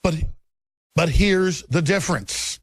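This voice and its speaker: A man's voice: sits high, slow pace, dry recording. A middle-aged man hosting a talk show, ranting in heated political commentary with intense repetition.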